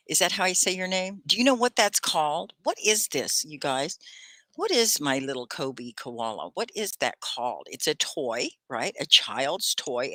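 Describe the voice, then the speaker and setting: A woman hosting a live online English class, speaking in a slow, carefully articulated way. Her voice sits a little low but swings widely in pitch, with a bright, forward tone. She laughs often, and the room sounds dry and close. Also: no echo. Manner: lively, articulates words clearly, often laughs. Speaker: English teacher and host.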